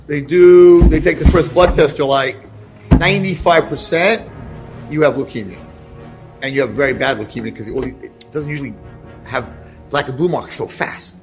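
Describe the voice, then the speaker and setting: A rabbi telling a story to an audience, animated and acting out the lines of the people in it. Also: male voice, medium pitch, moderate pace, music in the background. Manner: animated, acts out dialogue. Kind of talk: storytelling talk.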